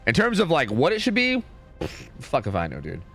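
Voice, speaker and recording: A man's voice: a little high, wildly swooping pitch, fairly quick, vocal fry, a bit bright, faint music behind. A young man streaming, ranting casually in a rambling way, full of "like" and "dude" and some swearing.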